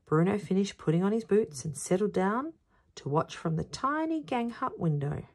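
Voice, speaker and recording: A woman, who teaches at a school, reading a children's picture book aloud in a lively storytelling voice. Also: mid-range voice, normal speed. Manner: expressive, sing-song storytelling.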